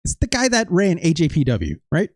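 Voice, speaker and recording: A man's voice: a little high, huge pitch swings, brisk, a little mellow, no room sound. Man doing laid-back game commentary: rambling, self-deprecating, dry close sound. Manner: rambling, self-deprecating, lots of filler and trailing off. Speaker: let's play host. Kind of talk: casual gameplay commentary.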